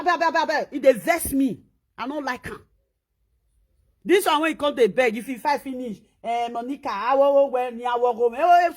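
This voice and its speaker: A Nigerian woman with a high voice delivers a casual monologue. She scolds and repeats herself, and her voice jumps up sharply whenever she stresses a point. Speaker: social media commentator.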